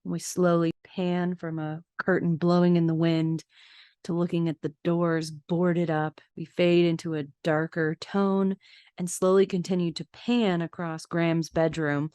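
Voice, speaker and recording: A woman's voice: fairly low pitch, flat delivery, measured pace, a little mellow, clean tone, no echo. A woman hosting a casual podcast, narrating film scenes in detail with chatty asides. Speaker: podcast host.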